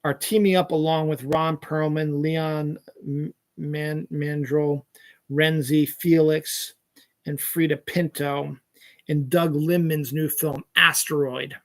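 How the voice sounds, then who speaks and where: A man's voice: on the high side, gravelly, no room sound. A middle-aged man hosting a casual solo podcast, rambling through entertainment news with frequent swearing and lost trains of thought. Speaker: podcast host.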